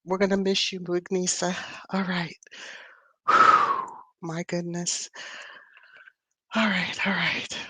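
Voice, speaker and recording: A woman's voice: lowish voice, level tone, unhurried, pauses often, a bit bright, no room sound. A woman hosting a livestream in a casual, playful, chatty way, laughing often. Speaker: livestream host. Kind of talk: casual live-chat talk.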